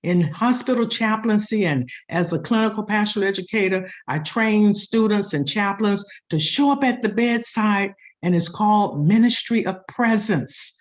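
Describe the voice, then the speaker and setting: Middle-aged woman chaplain, African American accent, expressive preacher-style delivery. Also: medium pitch, moderate pace. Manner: expressive, swings into emphatic preaching cadence. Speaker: hospital chaplain and pastoral educator. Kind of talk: community panel talk, preacher-like.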